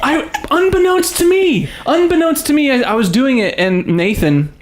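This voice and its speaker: Give me a man hosting a podcast, animated and laughing as he tells a story. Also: extremely high pitch, normal speed, a little hiss or hum. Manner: animated storyteller, laughs often, reads facts aloud. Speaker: podcast host. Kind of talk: casual podcast chat.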